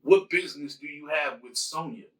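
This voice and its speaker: A man's voice: fairly high pitch, moderate pace, a bit bright, lightly acted. A man voicing a brash male soldier who challenges strangers with profane disbelief. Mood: incredulous.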